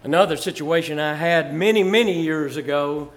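A man's voice: fairly high pitch, moderate pace. An older man from Virginia, a pastor telling church stories in a folksy way, chuckling and rising to fervor. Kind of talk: storytelling testimony.

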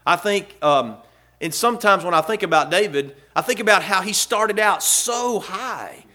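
Guy preaching, folksy, gets loud and high reading scripture, bright tone. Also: expressive, normal speed. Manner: folksy, rises and swells when reading scripture aloud. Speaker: pastor. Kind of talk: sermon.

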